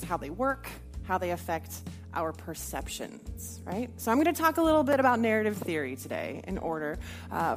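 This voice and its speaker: A woman, a narrative scholar, giving an explanatory public lecture with emphatic tag questions. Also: mid-range voice. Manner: explanatory, emphatic, uses "right?" tags.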